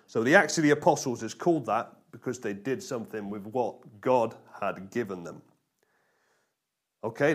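A man preaching a lively sermon, drawing responses from his congregation and repeating key phrases for emphasis. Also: mid-range voice. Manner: energetic, call-and-response with congregation, emphatic repetition. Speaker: pastor.

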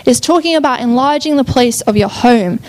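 A woman's voice: sits high, fairly quick, a little mellow. A young woman preaching a sermon in an enthusiastic, chatty way, often breaking off and restarting her thoughts. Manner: enthusiastic, chatty, self-interrupting.

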